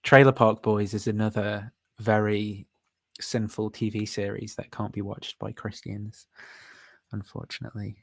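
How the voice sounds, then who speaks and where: A fairly low, gravelly male voice with flat delivery moves at a measured pace in a dry recording. As host of a casual livestream, he rambles and thinks aloud, full of fillers and self-amused laughter.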